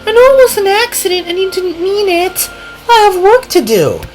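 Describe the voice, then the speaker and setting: Woman voicing Katie, a kind, high engine. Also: big pitch swings, moderate pace, darkish tone, soft background music. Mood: reassuring. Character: kind reassuring female engine.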